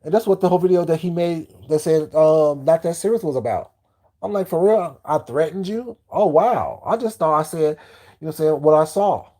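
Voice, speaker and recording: A man's voice: on the high side, brisk, warm tone. A man ranting bluntly to his live-stream chat, heated and swearing freely.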